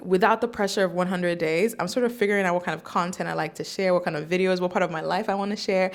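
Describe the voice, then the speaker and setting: A woman's voice: on the low side, creaky. A woman in her twenties, a vlogger, talking casually to camera and sprinkling her speech with "like.". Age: 20s. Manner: chatty, peppered with "like". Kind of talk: casual talking-head vlog.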